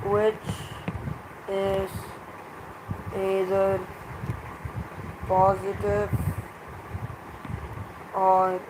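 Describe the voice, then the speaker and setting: A teacher giving a grammar revision lesson, explaining slowly and in measured steps with many pauses. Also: mid-range voice, completely flat delivery, background noise.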